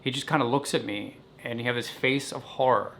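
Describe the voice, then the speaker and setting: Man, casual storytelling, animated, bright tone, mid pitch. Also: fairly quick, gravelly, slight background noise. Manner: animated, vivid recounting.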